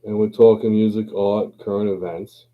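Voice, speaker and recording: A man's voice: on the low side, little pitch movement, moderate pace. A man hosting a live open chat, talking in a laid-back, slangy, rambling way with playful chanting. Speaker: livestream host. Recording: phone-like lo-fi stream audio.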